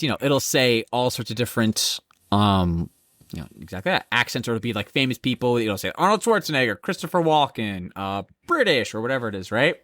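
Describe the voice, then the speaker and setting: A man's voice: lowish voice, no room sound. Guy on a podcast rambling through a story, swears a lot, voice jumps all over, dry mic. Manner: animated, profane storytelling, laughing often. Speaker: podcast co-host. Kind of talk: casual chat.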